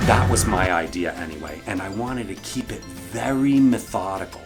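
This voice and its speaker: A middle-aged man, an actor and bartender, telling a casual story in an animated way. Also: low-pitched, normal speed, few pauses, over music. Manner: animated, acts out the people he quotes.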